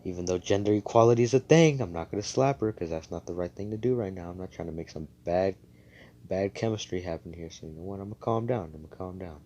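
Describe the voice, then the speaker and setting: A man's voice: low voice, quick pace, warm tone, muffled recording. A man voicing a hotheaded young male hero who talks bluntly and swears a lot. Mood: ranting. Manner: profane, blunt.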